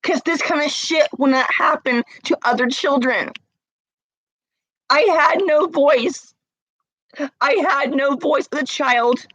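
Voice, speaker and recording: A woman's voice: high voice, normal speed, few pauses, fairly bright tone, dry recording, poor audio. A woman crying as she talks to camera, confronting someone with repeated pointed questions in an emotional rant. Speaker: vlogger.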